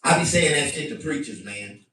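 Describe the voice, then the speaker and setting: A man doing a profane stand-up rant to his stream, animated and bursting into shouts. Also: fairly high pitch, normal speed. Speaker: comedian. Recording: very echoey room, mic at a distance.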